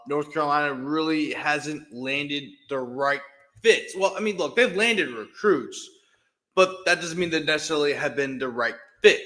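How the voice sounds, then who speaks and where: Podcast host, male, chatty sports talk, bright tone, some hall reverb. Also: on the high side. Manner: chatty, heavy fillers and restarts. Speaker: podcast host, beat writer. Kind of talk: casual sports podcast commentary.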